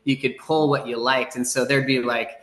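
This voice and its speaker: A middle-aged man chatting as a podcast guest, telling rambling, relaxed stories with many fillers and acted-out quotes. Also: mid-range voice, moderate pace, echoey room. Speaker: surf broadcaster, podcast guest. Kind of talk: casual storytelling in a podcast interview.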